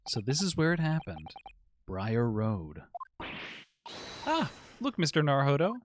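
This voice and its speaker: Man as a polite young lady assistant, eager and wide-eyed, pitched up. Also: wildly swooping pitch, a little slow, a little hiss or hum. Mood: awed. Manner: eager, prim, easily awed.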